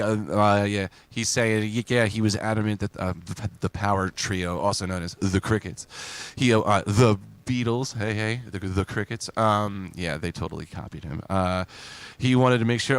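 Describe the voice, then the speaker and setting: A man's voice: lowish voice, unhurried, fairly bright tone, clear, resonant tone, dry recording. A man hosting a live music request stream, chatting casually and rambling as he reads and answers viewers, often laughing. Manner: laughs often, loose and joking. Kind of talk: casual live-stream chat between songs.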